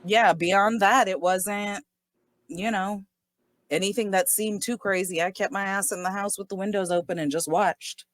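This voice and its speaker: A woman in her thirties from Southern California hosting a casual podcast chat, animated, laughing often and swearing casually. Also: medium pitch, moderate pace, no room sound. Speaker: podcast host.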